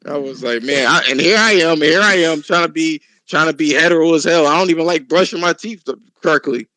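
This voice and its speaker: A man hosting a casual podcast chat, telling stories in a loud, profane, laughing way. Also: on the high side, brisk, no echo, low-quality recording. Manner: animated, profane, laughing storyteller. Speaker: podcast host.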